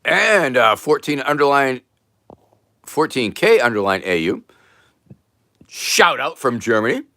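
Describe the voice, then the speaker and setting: A man chats through a casual livestream, greeting viewers by name and tossing off dry quips. His pitch swings widely while he keeps an unhurried pace. The sound is close and dead, with no room echo. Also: sing-song, sharp tone. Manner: reads viewer names aloud with dry jokes. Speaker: livestream host.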